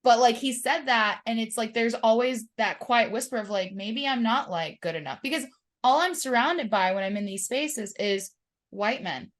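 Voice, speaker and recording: A woman's voice: on the high side, moderate pace. A woman hosting a podcast, telling stories conversationally with many filler words. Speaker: podcast host. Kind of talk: conversational interview chat.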